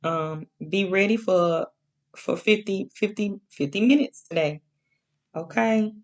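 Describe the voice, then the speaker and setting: A woman teaching a Bible lesson in a casual spoken sermon, slow and repetitive, often checking in with "okay?" and drawing out key words. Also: mid-range voice, darkish tone.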